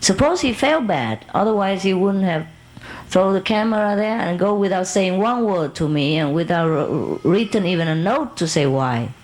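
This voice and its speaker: A woman's voice: fairly low pitch, moderate pace, poor audio. Woman telling a rambling personal story. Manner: animated anecdote with laughs and acted quotes, broken English grammar. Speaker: spiritual teacher. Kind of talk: storytelling talk to an audience.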